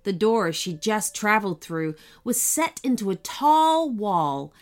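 A woman hosting a children's story podcast, reading shout-outs and narrating a bedtime story in an expressive, soothing way. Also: medium pitch, slow pace.

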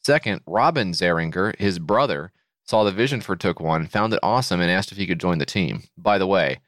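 Man, very deep voice, dry close sound, podcast co-host, sarcastic incredulous chat. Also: lively intonation, brisk, fairly bright tone, no echo. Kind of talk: casual comedic chat.

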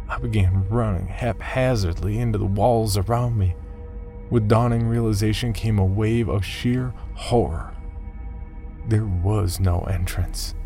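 A man narrating a first-person horror story, turning tense and urgent when his character shouts. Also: fairly low pitch.

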